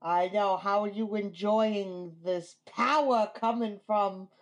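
A woman co-hosting a casual podcast, playful and quick to laugh. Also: medium pitch, dull audio. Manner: playful, giggly. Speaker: podcast co-host. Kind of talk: casual chat.

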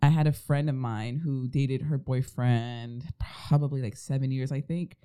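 A man speaking in a very dark, mellow voice at an ordinary middle pitch, earnest and advising in casual podcast conversation. He lays out his points steadily and warmly stresses what listeners should do. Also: fairly even intonation, normal speed, clean tone.

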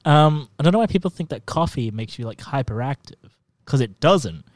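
A man's voice: mid-range voice, lively intonation, a little fast, dry recording. A young man chatting casually about movies, rambling and giggly, often going off on tangents. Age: young adult.

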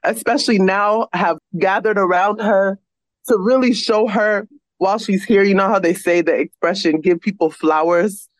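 A woman's voice: mid-range voice, moderate pace, no room sound, poor audio. A young woman speaking earnestly on a video call, rambling heartfelt praise for her mother. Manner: earnest, rambling, lots of "you know". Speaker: guest's daughter.

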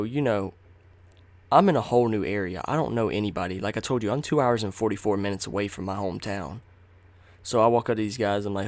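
With a low-leaning voice recorded free of room sound, this host shares a personal tale loosely and crudely, full of slang and curses, and plays out people's lines as he goes.

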